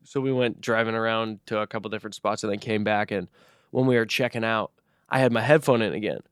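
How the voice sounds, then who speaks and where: Casual podcast co-host, young man, smooth clear voice, dry close sound. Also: fairly low pitch, fairly even intonation, fast, no room sound. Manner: rambling storytelling, heavy swearing, lots of fillers. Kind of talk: casual chat.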